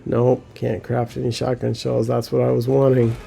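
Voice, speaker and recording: A man giving casual gameplay commentary, excitable, often laughing and swearing when he gets frustrated. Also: mid-range voice, normal speed, creaky, faint music behind. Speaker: gaming commentator.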